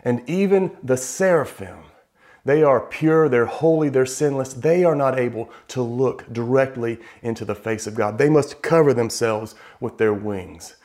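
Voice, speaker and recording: A male preacher delivering a sermon at a steady middle pitch. He speaks emphatically, drawing out the words he wants to land and lifting his voice on repeated phrases. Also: measured pace.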